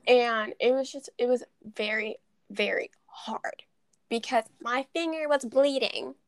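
Brief: high-voiced woman, casual animated storyteller, dry close sound. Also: unhurried, smooth, no echo. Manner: animated storytelling, quotes others in mimicking voices. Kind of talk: casual chat.

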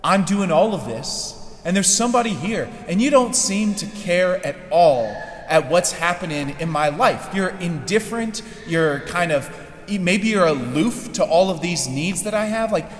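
A man voicing a harried, bitter woman host who accuses her guest, fretful and quick, in an echoey hall. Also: high-pitched, lively intonation. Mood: resentful. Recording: echoey hall with long reverb.

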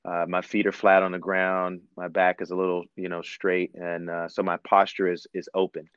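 A preacher describing a devotional practice in a reflective, unhurried way, with many fillers. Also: male voice, sits low, completely flat delivery, fairly bright tone, clear, resonant tone, no room sound, highs cut off. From Ohio. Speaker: guest preacher. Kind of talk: phone-in devotional talk.

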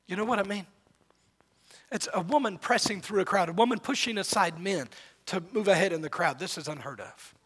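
A man's voice: sits high, fairly quick, a bit bright, breathy edge. A male preacher delivering a sermon, telling the story dramatically and rising and falling in volume.

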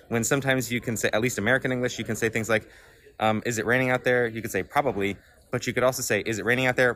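A man's voice: medium pitch, fairly bright tone, slight background noise. A man who researches linguistics introduces his work in a casual interview, explaining it with examples and frequent "uh" and "um" fillers. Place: conference venue.

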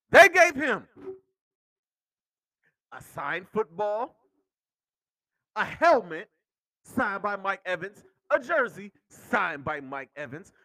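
A male podcast host delivering an excitable sports rant, swearing freely and laughing through his words. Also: extremely high pitch, no echo.

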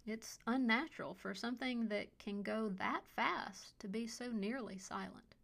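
A woman hosting a fiction podcast, introducing and reading a short story in a measured, dry way that often drops to a hush. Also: on the high side, vocal fry. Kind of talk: scripted story narration.

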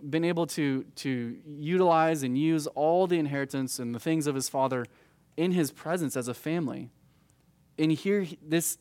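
A youth pastor in his thirties teaches a youth group verse by verse through a Bible passage, keeping it conversational and sprinkling in "right?" asides. His voice is on the high side, with no echo in the recording.

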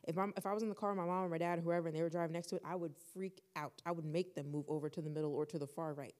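A young woman co-hosting a podcast, telling a personal story in casual chat and acting out the dialogue with lively shifts. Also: lowish voice, rapid-fire. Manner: animated, acts out quoted dialogue. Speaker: podcast co-host.

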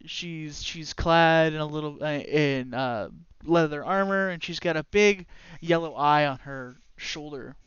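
A man's voice: on the high side, clean tone, no echo, lo-fi sound. A man narrating as game master in a rambling way, with many restarts. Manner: rambling, full of fillers and restarts.

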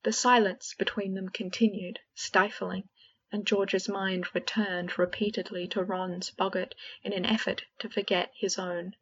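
Husky woman narrating a story. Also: mid-range voice, flat delivery, measured pace, fairly bright tone. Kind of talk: audiobook reading of fan fiction. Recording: dull lo-fi recording.

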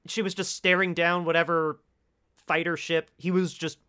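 A man in casual conversation about a film, enthusiastic and quick to laugh, with frequent exclamations. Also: fairly high pitch, flat delivery, sharp tone, clear, resonant tone. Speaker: podcast co-host.

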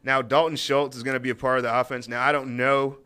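A man in casual sports-podcast conversation, his voice bright and smooth with a clean, resonant edge. He talks things through at an easy pace, circling back with fillers and small restarts as he weighs players and matchups. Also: medium pitch, quick pace. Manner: relaxed, thinks aloud with fillers and restarts. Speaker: podcast co-host.

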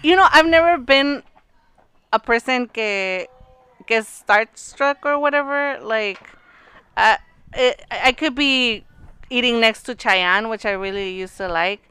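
A woman's voice: fairly high pitch, slow, sharp tone, clean tone, no echo. A woman, co-hosting a podcast in casual, teasing chat that slips Spanish into her English. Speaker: podcast co-host.

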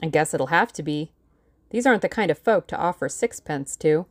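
A woman's voice: deep voice, lively intonation, normal speed. A woman doing a brash rich young man. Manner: brash and blunt.

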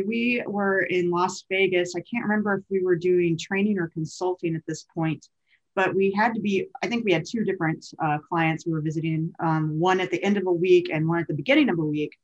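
Co-hosting a podcast, a woman with a lowish voice spins a meandering, conversational story full of self-corrections. The audio has its high frequencies cut off.

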